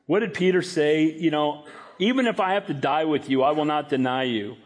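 A middle-aged man delivering a sermon in a voice pitched a little higher than most men's. He preaches with animated energy. He jumps up into a raised voice to act out the lines he quotes. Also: moderate pace. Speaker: pastor.

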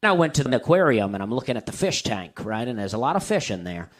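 A man telling a stand-up joke in a dry, conversational way with pauses. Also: medium pitch, sing-song. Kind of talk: stand-up storytelling.

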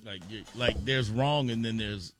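A man's voice: mid-range voice, unhurried. A man co-hosting a morning radio show, teasing and correcting a colleague. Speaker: radio co-host. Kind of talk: comic radio banter.

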